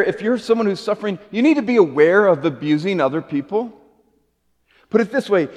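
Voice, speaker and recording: A middle-aged man preaching a sermon as a pastor, earnest, rising to emphatic peaks and dropping to soft low phrases. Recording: long hall reverb.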